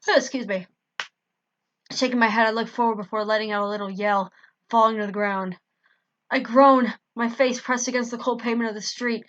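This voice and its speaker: A woman's voice: on the high side, steady tone, brisk, fairly bright tone, no room sound, lo-fi sound. A woman reading a fan story aloud in first person, now and then stopping to correct her own misreadings. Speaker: fan fiction reader.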